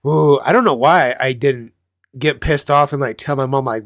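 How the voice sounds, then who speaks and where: A man's voice: medium pitch, normal speed, fairly bright tone, no echo, studio quality. A man hosting a casual chat, telling rambling childhood stories with lots of swearing and laughing at himself. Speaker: channel host.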